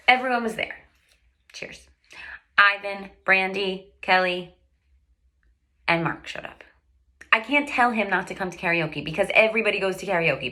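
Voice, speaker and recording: An actress playing a woman confiding heartbreak in a hushed, hurried message. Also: mid-range voice. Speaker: actor. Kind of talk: dramatic monologue, voicemail.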